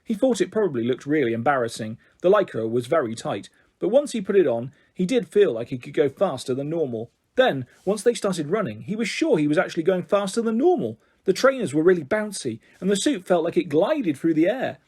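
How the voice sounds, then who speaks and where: A man reading a children's book aloud, expressive and animated. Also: fairly high pitch, fairly quick, hardly any pauses, breathy edge. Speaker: narrator. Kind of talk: audiobook reading.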